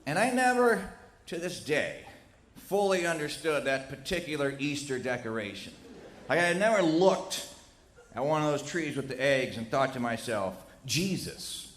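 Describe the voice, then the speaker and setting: A middle-aged man with a West Virginian accent telling a comic tall tale on stage in a folksy, animated way. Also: moderate pace. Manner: animated, folksy, with big jumps in pitch and loudness. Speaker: storyteller. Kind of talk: comedic storytelling on stage. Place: stage in a small lounge. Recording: echoey live room with faint noise.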